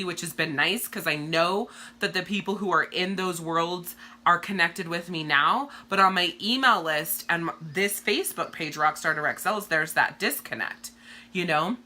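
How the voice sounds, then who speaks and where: Brief: woman, 30s, candid, profane live-stream coach with a bright, forceful, slightly low voice. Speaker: direct sales coach. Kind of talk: casual live-stream monologue.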